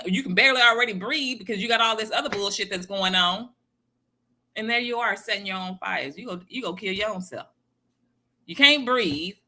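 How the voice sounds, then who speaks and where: A woman's voice: a little high, pushed and bright. A woman giving a casual motivational talk, emphatic and repeating her key phrases to viewers. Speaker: motivational speaker.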